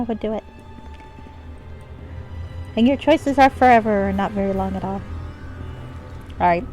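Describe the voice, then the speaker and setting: A woman's voice: mid-range voice, measured pace, long pauses, a little mellow, faint music behind, rough recording. A woman streaming a game from home, casual and self-deprecating, swearing when the game annoys her. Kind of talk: casual live-stream commentary.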